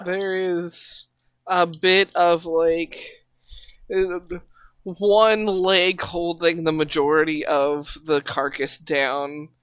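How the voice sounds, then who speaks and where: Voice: mid-range voice, fairly even intonation, extremely slow, a bit bright, clear, resonant tone, no room sound, lo-fi sound. A game master narrating a tabletop horror game in a chatty way with lots of fillers.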